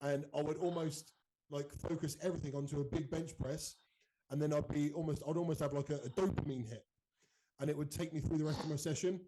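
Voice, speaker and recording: Brief: male co-host, rapid and frank, warm dark tone. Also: on the high side, steady tone, rough recording. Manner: fast, frank, filler-heavy. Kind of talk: casual podcast chat.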